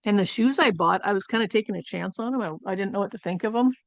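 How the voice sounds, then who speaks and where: A woman's voice: mid-range voice, quick pace, no echo. Chatty woman doing a home haul. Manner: chatty, rambling, with frequent fillers and asides. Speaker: channel host. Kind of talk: casual product haul review.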